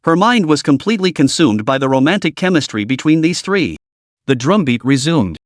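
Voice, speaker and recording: Slightly high male narrator, dry sound. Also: lively intonation, brisk, no echo. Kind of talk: scripted narration of a web novel.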